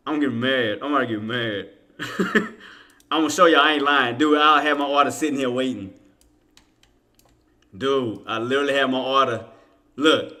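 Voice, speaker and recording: A man streaming live day-trading commentary, talking casually with slang, laughing and teasing his viewers, then dropping to a low mutter while he places orders. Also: unhurried, long pauses, pushed and bright.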